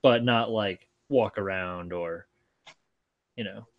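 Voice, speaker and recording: A man's voice: fairly low pitch, slow pace, no room sound, muffled recording. Male co-host, casual stream talk, rambling and jokey, dry close sound. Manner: rambling, jokey, loose wording. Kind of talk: casual chat on a live stream.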